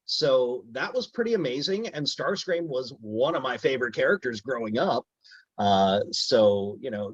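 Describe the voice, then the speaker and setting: A man's voice: mid-range voice, breathy edge, no echo, lo-fi sound. A man speaking as a voice actor guest in a casual interview, telling stories with enthusiasm. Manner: enthusiastic, storytelling, drops into character voices.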